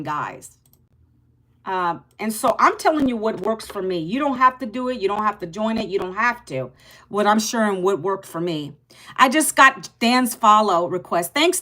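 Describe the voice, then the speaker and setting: A woman in her fifties chats on a casual livestream in a high, bright voice. She gets loud and passionate, and she rambles emphatically, repeating points to drive them home. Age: 50s. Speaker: livestream host.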